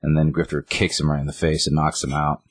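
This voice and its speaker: A man with a very low, husky voice tells a story in casual chat. He jumps into quick acted-out lines of dialogue, lifting his voice for each one. The sound is dry and close. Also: no room sound. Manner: animated retelling, acting out lines of dialogue in a raised voice. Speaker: co-host recapping a game story.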